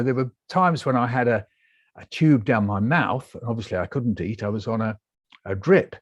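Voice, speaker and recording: A British man, a guest author, telling his story in a lively interview and acting out the voices he quotes. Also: mid-range voice, normal speed, no echo, muffled recording. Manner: animated, acts out quoted voices.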